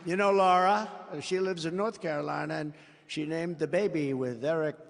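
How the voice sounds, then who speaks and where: A man with a voice on the high side talks at a normal speed, running through a rambling, self-praising rally speech at a podium mic. He's a political candidate working a large venue crowd with improvised asides, and the hall's long reverb colors the sound.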